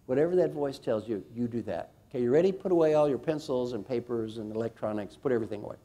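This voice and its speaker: Mellow-voiced man giving a motivational talk. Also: mid-range voice. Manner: energetic and emphatic, asks the audience questions; slows and drops softly for a guided reflection. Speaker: speaker giving a talk on coaching. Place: conference hall before a live audience.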